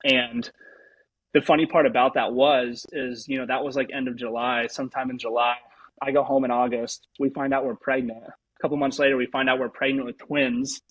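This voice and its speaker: A young man, a pro baseball pitcher, telling a personal story as an interview guest, rambling with lots of fillers. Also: level tone, brisk, slightly rough, no echo, rough recording.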